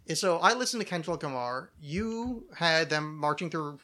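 A man's voice: on the high side, expressive, moderate pace, bright, forceful tone. A man hosting a podcast, chatting loosely and jokily, rambling through an ad read. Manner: jokey, rambling, reads ad reads loosely. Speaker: podcast host. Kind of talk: casual chat.

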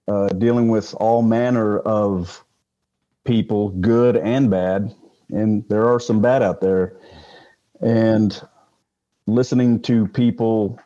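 Older male guest, ex-police, low voice, rambling storyteller, muffled lo-fi audio. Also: warm tone. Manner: rambling, with many fillers and restarts. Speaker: guest, retired police sergeant. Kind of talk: casual interview storytelling.

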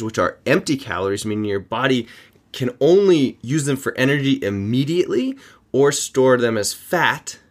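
A man hosting a fitness podcast, talking informally with joking asides and quick self-corrections. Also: medium pitch. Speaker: podcast host. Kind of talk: casual fitness podcast monologue.

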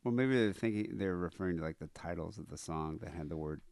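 A man co-hosting a podcast, cracking dry jokes and teasing his co-host with quick questions. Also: low voice, a little mellow, dry recording. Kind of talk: casual chat.

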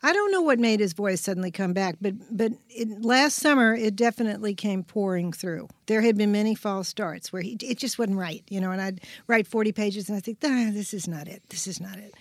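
A woman's voice: mid-range voice, a little fast, hardly any pauses, dry recording. An older woman guest talking about her writing on a podcast, reflective and rambling, often restarting her sentences. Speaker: guest author. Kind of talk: podcast interview.

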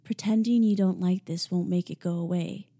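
A woman voicing a smug, dominant young man who speaks slowly and tauntingly. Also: fairly even intonation, mellow. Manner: slow, low, taunting.

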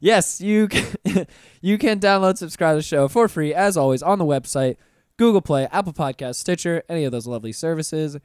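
A young man hosts a casual podcast, rattling off plugs in a loose, profane way. His voice sits a bit high and sounds smooth and clear. The sound is dry and close to the mic. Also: animated, normal speed, no echo. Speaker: podcast host.

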